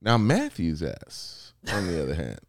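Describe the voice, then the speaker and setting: A man co-hosting a podcast, loud and laughing, swinging between shouts and low mutters in crude banter. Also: huge pitch swings, a little slow, dry recording, studio quality. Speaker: podcast co-host.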